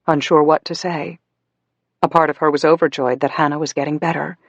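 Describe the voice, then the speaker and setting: Breathy woman narrating a thriller audiobook. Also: sits low, dry recording.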